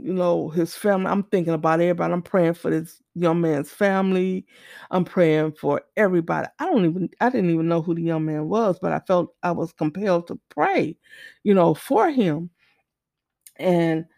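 A middle-aged woman telling a personal testimony story, animated, acting out the dialogue as she goes. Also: lowish voice, creaky, dry recording, studio quality.

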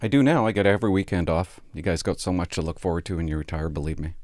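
A man's voice: low-pitched, rapid-fire, darkish tone, no room sound, clean studio sound. A man doing a crude, sardonic stand-up set about police work, swearing freely. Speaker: stand-up comedian and police officer.

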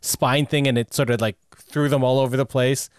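A man hosting a casual podcast chat, relaxed, steering the talk with questions. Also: mid-range voice, moderate pace, smooth, no echo, studio quality. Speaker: podcast host.

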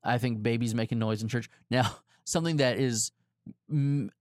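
A man's voice: medium pitch, normal speed, darkish tone, no room sound, studio quality. A man in his forties from Florida, co-hosting a casual church podcast, telling stories and laughing often. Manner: chatty storyteller, laughs often. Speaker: podcast co-host, pastor. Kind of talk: casual chat.

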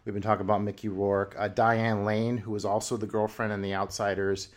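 Rambling low-voiced man on a film podcast. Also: flat delivery, fairly quick. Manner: rambling, full of fillers and restarts. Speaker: podcast host. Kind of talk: casual film discussion.

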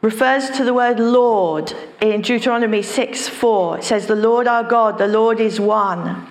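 A woman's voice: a little high, a little slow, roomy sound. A woman pastor preaching a sermon, speaking emphatically and repeating phrases for stress.

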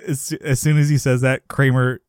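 A man co-hosting a podcast, casually recapping a sitcom episode and acting out the characters' lines with his voice jumping up high. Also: normal speed, clear, resonant tone, no room sound, studio quality. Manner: animated retelling, acting out characters' lines in a raised voice. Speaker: podcast co-host.

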